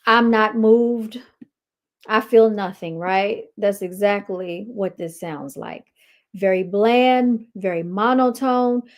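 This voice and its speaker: A woman hosting a livestream, giving blunt, animated commentary and talking straight to her viewers. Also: mid-range voice, slow. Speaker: livestream host.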